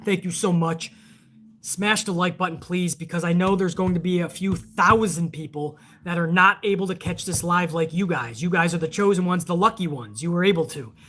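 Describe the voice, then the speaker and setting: High, bright-voiced man hosting a stream. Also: moderate pace. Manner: loose, rambling and profane, reading viewer donations aloud. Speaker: wrestling stream host. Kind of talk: casual live-stream chat.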